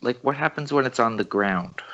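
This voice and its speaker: A man's voice: mid-range voice, lively intonation, moderate pace, bright, forceful tone, highs cut off. A man joining a podcast chat, asking skeptical questions. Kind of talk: casual chat.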